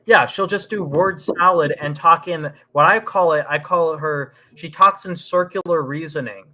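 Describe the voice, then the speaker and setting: A man hosts a casual livestream and rants about politics with lots of ums and restarts. His voice is fairly high and bright. He sounds heated and sure of himself. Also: moderate pace. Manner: heated, ranting, frequent ums. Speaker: livestream host.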